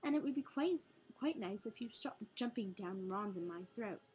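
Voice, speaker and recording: A woman's voice: mid-range voice, lively intonation, moderate pace, darkish tone, slight background noise, lightly acted, low-quality recording. A woman voicing a bossy, earnest teenage schoolgirl in a prim, lecturing manner, read from a storybook.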